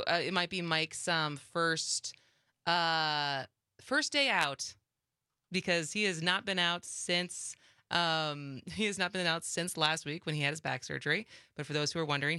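Young woman co-host, bright and dry-sounding, chatty with fillers. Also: low voice, a little slow, clean tone, no room sound. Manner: chatty, laughs often, many fillers. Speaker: radio co-host. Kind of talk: casual radio talk.

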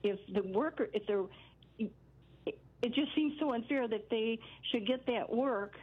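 A woman's voice: on the high side, measured pace, breathy edge. An older woman calling in to a radio show, talking in a rambling way with many restarts. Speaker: caller. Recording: dull lo-fi phone line.

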